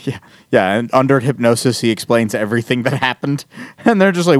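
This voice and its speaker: A man chats loosely on a podcast, retelling an episode and slipping into the characters' voices, cursing along the way. His voice is smooth and resonant, in a medium pitch. The sound is dry and close. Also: expressive, brisk, no room sound. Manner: rambling, profane, acts out characters' lines. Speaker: podcast co-host. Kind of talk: casual chat recapping a TV episode.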